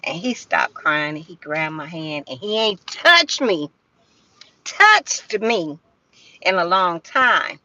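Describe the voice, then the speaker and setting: An older woman chatting casually on a livestream, talking straight to her viewers in a slow drawl. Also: fairly low pitch, sing-song, pushed and bright, lo-fi sound. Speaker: live streamer. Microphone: phone.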